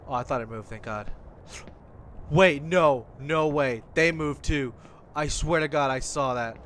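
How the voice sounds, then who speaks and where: A man's voice: on the high side, measured pace, a bit bright, a little hiss or hum. A man giving casual let's-play commentary on a horror game, talking to himself and swearing when startled. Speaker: gamer playing a horror game.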